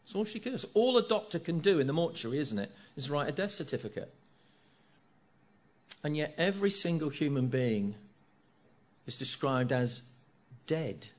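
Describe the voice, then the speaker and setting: A middle-aged man preaching a sermon, earnest, repeating key phrases and asking rhetorical tag questions. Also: on the high side.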